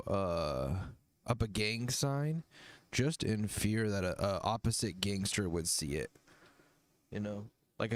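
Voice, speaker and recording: A man hosting a livestream music review, talking casually, joking and swearing as he thinks out loud. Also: on the low side, clear, resonant tone, no echo. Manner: profane, jokey, thinks aloud.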